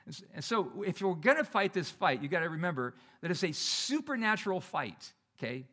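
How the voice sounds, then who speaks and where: A middle-aged man delivers a sermon as a pastor, talking to the congregation as if he were chatting with them. His voice sits somewhat high and lifts and drops sharply for emphasis. He often stumbles and starts his phrases over. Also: fairly quick. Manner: conversational, animated preaching with restarts.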